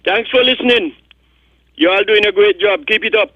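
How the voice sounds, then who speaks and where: A man's voice: high-pitched, normal speed, a little hiss or hum. An older man with a Kittitian accent calls into a radio show, rambling and repeating words as he comments. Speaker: radio caller. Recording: muffled phone-line audio.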